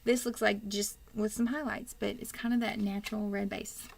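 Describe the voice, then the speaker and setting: A woman's voice: medium pitch, flat delivery, normal speed, vocal fry. A woman with a Texan twang co-hosting a wig shop livestream, chatting playfully and laughing often. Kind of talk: casual chat.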